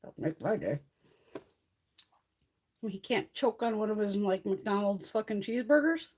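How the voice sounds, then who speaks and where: A woman's voice: medium pitch, animated, unhurried, a little mellow. A middle-aged woman from the US East Coast chatting casually on a livestream, telling stories in a blunt way and swearing constantly. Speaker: beauty livestream host.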